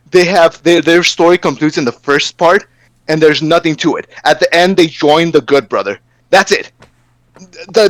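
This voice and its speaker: Profane, animated man ranting. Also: fairly high pitch, no room sound. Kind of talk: casual rant.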